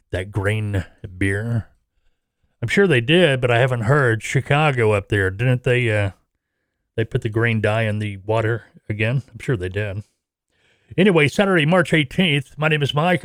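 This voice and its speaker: A man's voice: medium pitch, dry recording, clean studio sound. Chatty middle-aged man hosting a podcast. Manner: chatty, jokey, rambling with laughs. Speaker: podcast host. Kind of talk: casual podcast monologue.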